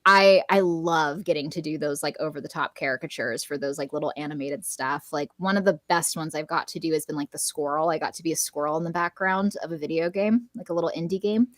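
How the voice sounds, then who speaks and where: Low-voiced woman, chatty voice actor. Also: fast, few pauses, no room sound. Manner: lively, chatty, laughs often. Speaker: guest voice actor. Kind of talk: casual podcast interview chat.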